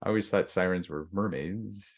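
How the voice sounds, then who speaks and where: Low-voiced male coach, conversational. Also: normal speed. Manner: conversational, acts out inner voices with many restarts. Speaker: leadership coach. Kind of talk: workshop lesson.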